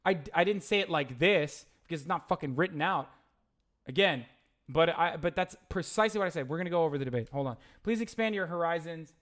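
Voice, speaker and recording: A young man livestreams, reading chat aloud and ranting in a heated, profane, rambling way, often restarting his sentences. His voice is fairly high, expressive, and fairly bright, moving a little fast.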